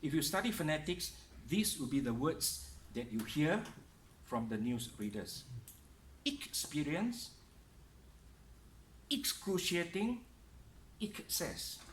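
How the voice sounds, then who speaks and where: A man giving a pronunciation lesson, slowly stressing each word and sound with care. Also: mid-range voice, big pitch swings, echoey room. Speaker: speaking coach. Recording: distant mic with faint room noise.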